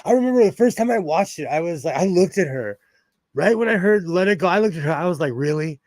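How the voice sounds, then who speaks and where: A man from California hosting a sewing livestream, telling stories in a playful, animated way with plenty of laughter. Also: high voice, fast, no echo. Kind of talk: casual chat.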